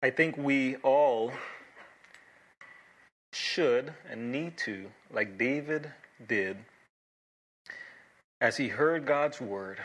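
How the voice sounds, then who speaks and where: A man preaching a sermon as pastor, earnest and emphatic, with dramatic pauses and repeated key phrases. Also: mid-range voice, fairly bright tone.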